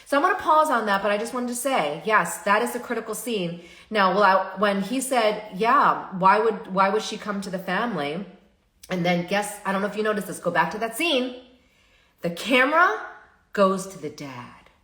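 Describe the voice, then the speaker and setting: A woman therapist hosting a live stream, talking in an animated, chatty way and often stopping to restart her sentences. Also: mid-range voice, moderate pace. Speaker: therapist and show host. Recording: roomy echo.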